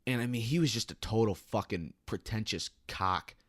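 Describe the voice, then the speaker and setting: A man's voice: on the low side, moderate pace, no echo, clean studio sound. A young man, telling a heated, profane work story as a podcast co-host. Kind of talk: casual podcast chat.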